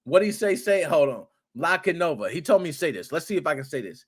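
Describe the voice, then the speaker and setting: A man hosting a gaming podcast, talking in an animated, excitable way with playful rants and cursing. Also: fairly high pitch, fast talker, breathy edge. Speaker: podcast host. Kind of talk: casual commentary podcast.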